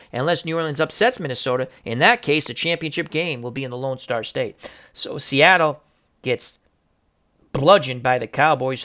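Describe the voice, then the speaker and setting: A man calling simulated football results in a bright, forceful voice, swinging from chatty recaps to excited shouting. The audio is a little muffled and lo-fi. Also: a little high. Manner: excitable, bursts into shouting over upsets. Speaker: video game sim commentator. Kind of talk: casual play-by-play commentary.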